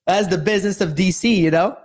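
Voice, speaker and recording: A man's voice: high voice, quick pace, a little mellow. Slangy, upbeat male livestream host. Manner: loose, slangy, restless talk with many fillers. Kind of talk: casual livestream chat.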